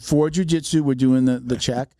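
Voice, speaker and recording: A man's voice: medium pitch, fairly even intonation, moderate pace, mellow, no echo, studio quality. A man in casual podcast chat, giving long rambling explanations and acting out quotes.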